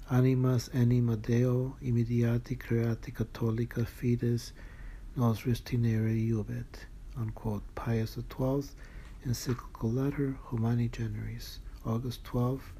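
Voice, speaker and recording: A man reads a church document aloud in a deep, mellow voice, saying "quote" and "unquote" around each passage and reading out every citation in full. His delivery stays level and even, and he sounds earnest and moved by the words. A faint hiss sits behind him. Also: a little slow. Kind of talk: reading a religious text aloud with asides.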